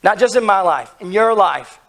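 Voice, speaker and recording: A hoarse man delivers an earnest sermon, his voice gravelly and pitched a little high. He preaches with emphasis and keeps asking his listeners questions. The delivery is that of a pastor. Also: expressive, normal speed, a bit bright.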